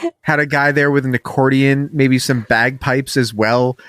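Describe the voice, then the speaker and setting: A man with a mid-pitched voice co-hosts a podcast in relaxed conversation. He rambles through joking asides and often restarts his sentences. The sound is dry and close to the mic. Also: moderate pace, dry recording. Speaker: podcast co-host. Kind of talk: casual podcast chat.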